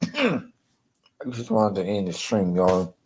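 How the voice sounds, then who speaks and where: A man talks slowly into his streaming mic in a deep, low voice. His chat rambles, with frequent ums and restarts. He often breaks off with a chuckle before he goes on. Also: sing-song, a little mellow, a little hiss or hum, low-quality recording. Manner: chuckles often between thoughts. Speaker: live streamer and ventriloquist. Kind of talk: casual live-stream chat.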